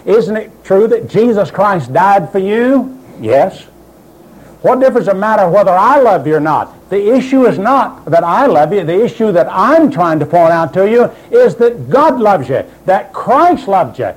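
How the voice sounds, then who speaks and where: Emphatic high-voiced preacher. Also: male voice, very animated, moderate pace, darkish tone, low-quality recording. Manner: emphatic, insistent, quotes doubters in mocking voices. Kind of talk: sermon.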